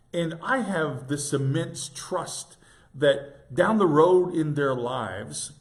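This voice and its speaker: An older pastor in his sixties shares a devotional reflection in a tender, thoughtful way. He often pauses and restarts his sentences. His voice sits at an ordinary middle pitch. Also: creaky.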